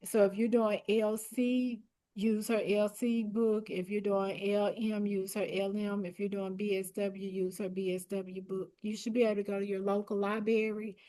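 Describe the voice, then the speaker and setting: A woman coaching a study group for an exam, speaking in a direct, repetitive and encouraging way while her voice grows hoarse and she keeps clearing her throat. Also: mid-range voice, level tone, moderate pace, warm tone. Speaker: academic coach.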